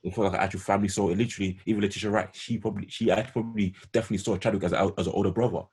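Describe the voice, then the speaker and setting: Low gravelly dude rambling on a podcast, fast, lots of likes and obviouslys. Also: male voice, fairly even intonation, a little mellow. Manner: rambling, repeats words, lots of fillers. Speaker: podcast co-host. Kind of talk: casual chat.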